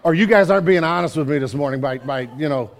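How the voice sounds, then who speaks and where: A man's voice: on the high side, fast talker, gravelly. A man preaching a sermon at a church service, talking conversationally, asking the congregation questions and acting out his own complaints to God. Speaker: pastor.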